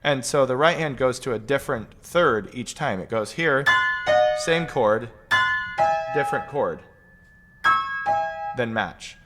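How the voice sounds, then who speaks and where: A man giving a piano lesson in an easygoing, conversational way. His voice sits at a middle pitch, and he counts patterns aloud as he works through them. Loud piano playing sounds behind him throughout. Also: takes it slowly, long pauses. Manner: relaxed, talks while demonstrating at the piano, counting patterns aloud. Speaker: piano teacher. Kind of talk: casual livestream Q&A lesson.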